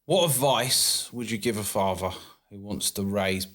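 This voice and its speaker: A man hosting a podcast who asks questions in a soft-spoken, brief way. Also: fairly low pitch, a little slow. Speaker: podcast host. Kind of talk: conversational podcast interview.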